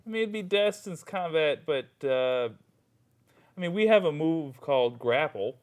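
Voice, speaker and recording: A man's voice: on the high side, animated, a little slow. A man narrating a tabletop role-playing game as game master, describing scenes vividly and ruling on moves.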